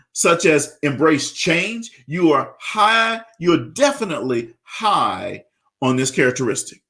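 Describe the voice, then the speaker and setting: A man's voice: high-pitched, a bit bright. Preachy man hosting a leadership radio show. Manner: preachy, addresses listeners directly, repeats words while searching for phrasing. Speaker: radio talk show host. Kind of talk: motivational leadership talk.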